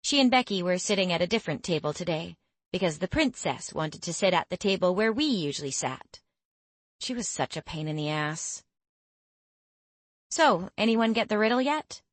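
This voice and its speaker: A young adult woman narrating a first-person fantasy audiobook in a wry, expressive storytelling manner. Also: lowish voice, brisk, no room sound.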